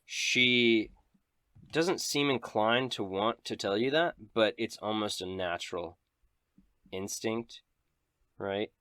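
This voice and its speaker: A man runs a tabletop game as game master in a deep, low voice. He narrates scenes in a descriptive, dramatic way. The recording is dry and close. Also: takes it slowly, pauses often, pushed and bright, no room sound.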